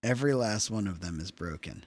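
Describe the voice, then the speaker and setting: Casting: young male streamer, bouncy animated pitch, jokey chat banter, dry close sound. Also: brisk, no echo. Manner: loose, swearing, jokey with chat. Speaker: livestreamer. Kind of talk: casual chat.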